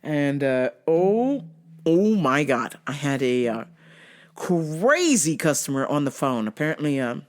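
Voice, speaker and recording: A woman's voice: deep voice, very animated, unhurried, darkish tone. A woman host telling work stories casually, profane and often laughing. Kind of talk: casual comedic storytelling.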